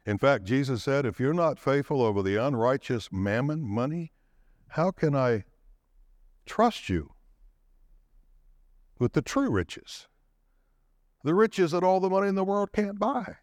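Animated man preaching a sermon. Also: measured pace, long pauses, no room sound, studio quality. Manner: dramatic swings in pitch and pace, rising to shouts of emphasis; calls for audience response.

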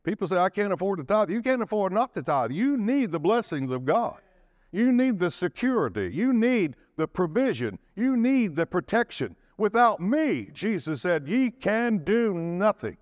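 A man preaching a sermon, swinging his pitch and pace for dramatic emphasis and calling out for the congregation's response. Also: very animated, moderate pace, dry recording, clean studio sound. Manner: calls for audience response.

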